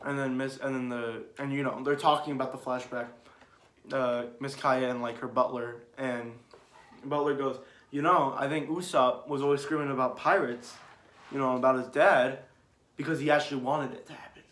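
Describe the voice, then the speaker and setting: A man's voice: mid-range voice, moderate pace. A young man chatting casually about his favorite anime moments, rambling and restarting. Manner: rambling, restarts, grows excited and loud. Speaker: anime commentator. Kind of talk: casual ranking chat. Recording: echoey room.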